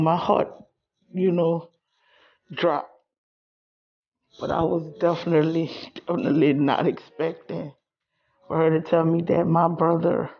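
A middle-aged woman, crying as she talks haltingly in a personal vlog. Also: sits low, gravelly, husky, muffled recording. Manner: tearful, halting, repeats herself. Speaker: vlogger.

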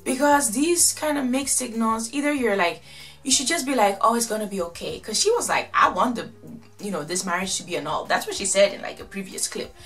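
A woman casually recapping and commenting on a reality show, chatty and animated, acting out what the people said. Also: a little high, a little fast, faint music behind. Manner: chatty, animated, quotes people in exaggerated voices.

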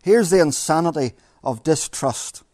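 A middle-aged male pastor preaching in church. His voice sits fairly high for a man and sounds close and dry. He is earnest and presses his points with repeated phrases and rhetorical questions. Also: expressive, measured pace, darkish tone, no echo. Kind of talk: sermon.

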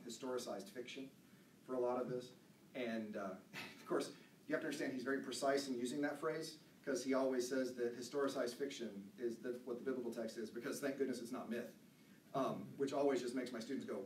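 A man's voice: medium pitch, slight background noise. Man teaching from a distant mic. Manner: loose and chatty, with fillers and asides, chuckling. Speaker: Bible study teacher. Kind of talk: casual teaching talk, reading scripture aloud. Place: church room. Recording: roomy echo, voice off-mic, faint ambience.

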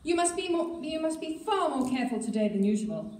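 A woman's voice: high voice, very animated, a little mellow, voice pushed up. A woman voicing a grave, cold, middle-aged stepfather as she reads a story aloud at a school assembly. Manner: grave, measured, coldly formal. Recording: echoey hall, mic far off.

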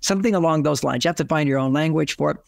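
A man's voice: a little high, rapid-fire, vocal fry, dry recording, studio quality. A man giving relationship advice as a guest in an interview, rambling and often acting out quoted dialogue.

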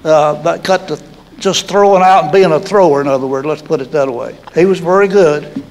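A man's voice: fairly high pitch, fairly quick, darkish tone, a little hiss or hum, poor audio. An older man with a Southern American accent tells stories in an interview, folksy and chuckling. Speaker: hall of fame inductee. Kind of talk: storytelling interview.

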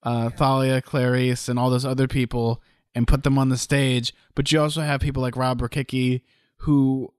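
A young man co-hosts a casual podcast chat, mid-pitched and recorded dry and close. He rambles, restarts his sentences and now and then acts out lines for effect. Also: little pitch movement, moderate pace, smooth, no room sound. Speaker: podcast co-host.

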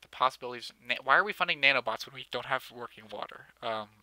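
Give me a bright, joking young man narrating his gameplay. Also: medium pitch, fast, dry recording. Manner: joking, sarcastic, self-mocking, often laughing. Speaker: gamer playing a city-building game. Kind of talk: casual let's-play commentary.

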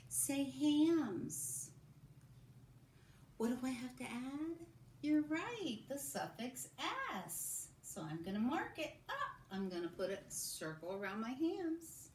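A woman teacher giving a recorded phonics lesson to young children, modelling sounds and sentences slowly. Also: high voice, animated, a little mellow, far from the mic. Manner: slow, sing-song, drawn-out modelling of sounds and sentences. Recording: echoey room with faint background hum.

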